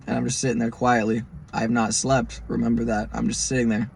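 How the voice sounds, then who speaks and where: A man hosting his own podcast, telling listeners a first-person road story in a casual, profane, animated way. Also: medium pitch, brisk, vocal fry, a little hiss or hum. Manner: speaks straight to listeners as "guys". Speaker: podcast host.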